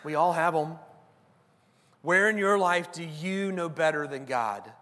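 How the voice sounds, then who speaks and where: A man's voice: fairly high pitch, unhurried, sharp tone, big-room sound. A man preaching a conversational sermon, often checking in with the listeners. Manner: conversational preaching, tag questions. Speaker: pastor.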